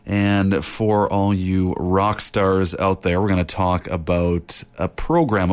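A young man hosting a campus radio show, announcing in an upbeat, mock-grand way. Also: sits low. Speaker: radio host.

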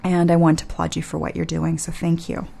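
A woman's voice: sits low, monotone, a little fast, vocal fry, warm tone. A woman hosting a radio interview in a studio, bubbly and giggly with plenty of enthusiasm. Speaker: radio host.

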